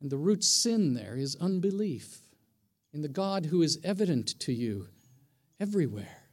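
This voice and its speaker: High-voiced middle-aged pastor preaching conversationally. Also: male voice, sing-song, moderate pace. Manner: conversational preaching with rhetorical questions. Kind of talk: sermon.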